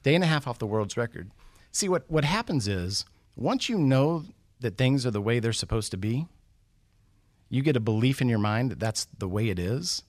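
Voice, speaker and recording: A middle-aged man, a guest speaker, telling a motivational story in an animated way, building suspense with questions to his listeners. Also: mid-range voice, moderate pace, no echo, clean studio sound.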